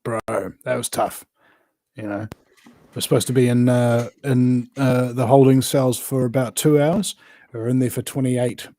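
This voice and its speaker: A New man talking as a guest, voice of medium pitch. He rambles and presses his points with lots of fillers and restarts. The sound is close and dry, with no room around it. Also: fairly even intonation, a little slow, mellow, dry recording. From New Zealand. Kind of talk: casual conversation.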